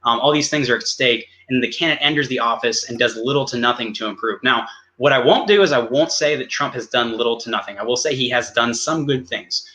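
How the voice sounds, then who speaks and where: Bright-voiced man debating fast. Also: medium pitch, low-quality recording. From United States. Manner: rapid, halting, many restarts. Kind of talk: online debate, cross-examination.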